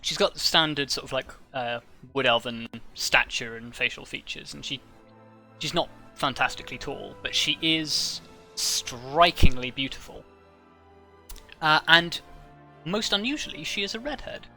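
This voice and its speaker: A man narrating a tabletop game as game master, talking in a halting way with many fillers. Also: medium pitch, lively intonation, sharp tone, faint music behind.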